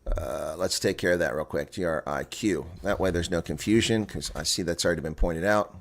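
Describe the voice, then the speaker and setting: A man gives live solo play-by-play and reaction commentary on rugby, excitable and exclaiming, chatting to viewers between plays. His voice sits low and is creaky, and he speaks fairly quickly.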